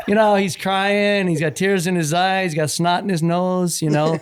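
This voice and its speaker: A man's voice: sits high, unhurried, smooth. A middle-aged man, a wrestler's father, telling a long chatty story and acting out the quoted dialogue. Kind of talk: anecdotal storytelling.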